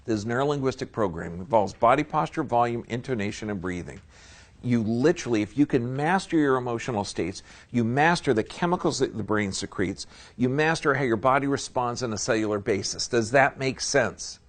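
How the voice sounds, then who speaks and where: A man of ordinary pitch lectures a seminar audience in a folksy, emphatic way. He talks straight to the room and keeps checking that people are following him. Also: expressive, brisk. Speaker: seminar speaker.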